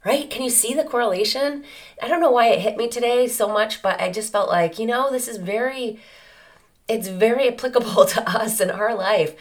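A woman hosting a solo podcast, talking in an earnest, conversational way with many rhetorical questions. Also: medium pitch. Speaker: podcast host. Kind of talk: reflective solo podcast monologue.

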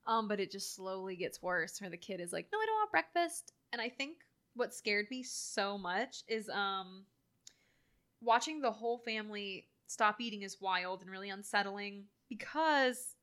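A woman co-hosting a casual chat, animated and full of filler words, acting out quoted lines as she talks. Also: mid-range voice, unhurried, smooth. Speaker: podcast co-host. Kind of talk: casual chat reviewing a horror film.

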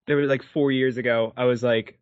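A man's voice: medium pitch, fairly even intonation, a little fast, clear, resonant tone, no room sound. Easygoing man, dry lo-fi sound. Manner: joking, easygoing, playful. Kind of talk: casual chat.

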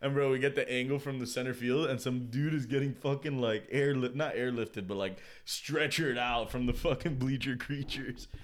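A young man, telling a story in casual chat, swearing and excitable. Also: mid-range voice, moderate pace, few pauses. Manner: excitable, swears a lot, laughs mid-story.

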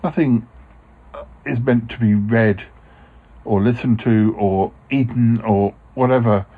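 A man's voice: medium pitch, steady tone, takes it slowly, husky. A man hosting a podcast, playing himself in a comedy sketch and talking in a hesitant, stammering way. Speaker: podcast host. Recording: dull lo-fi sound, faint music.

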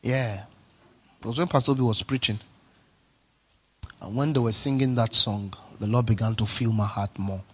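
A male pastor preaching a sermon, emphatic and repetitive, swinging from soft to near-shouting. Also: lowish voice, fairly even intonation, normal speed, long pauses, husky.

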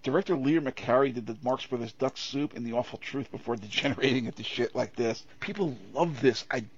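A man's voice: mid-range voice, fairly quick, muffled recording, slight background noise. A man co-hosting a casual film review podcast, sardonic, opinionated and freely profane. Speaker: podcast co-host.

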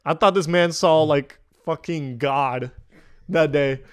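A man's voice: fairly high pitch, slow pace, clear, resonant tone. A young man co-hosting a casual podcast, telling a story with laughter and acted-out quotes. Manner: animated, laughing, swearing, acts out quotes. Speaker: podcast co-host.

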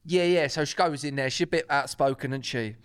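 A man's voice: on the high side, brisk, clean tone, no room sound, studio quality. A young man, chatting casually and laddishly as a podcast co-host. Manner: chatty, laddish, swears freely. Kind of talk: casual banter, reading gossip news aloud.

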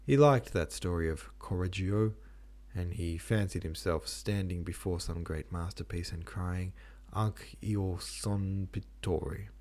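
Man, podcast host, novel reading, very low pitch, casual asides. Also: unhurried, a little mellow. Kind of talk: reading a classic novel aloud.

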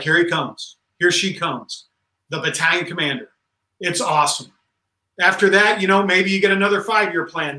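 A man's voice: pushed and bright, echoey room, far from the mic, rough recording. A man in his forties, an army general, talking earnestly and emphatically in a conversational interview. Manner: emphatic and earnest, rising in pitch as he stresses points. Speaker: Army general, podcast guest.

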